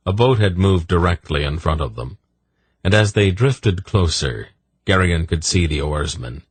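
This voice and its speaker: Male narrator, deep, husky, animated, dry close-mic studio sound. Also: measured pace, dry recording. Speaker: audiobook narrator. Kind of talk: scripted narration.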